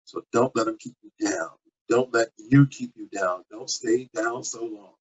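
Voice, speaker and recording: A man preaching a sermon as pastor, animated and exhortative, breaking into sudden high exclamations. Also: a little slow, slightly rough, rough recording. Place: at home.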